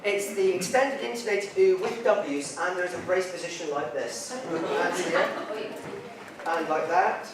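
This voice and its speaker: A man presenting a playful science show to a theatre audience, leading call-and-response with sudden loud shouts. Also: sits high, a little slow. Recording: echoey hall from far off, loud crowd noise.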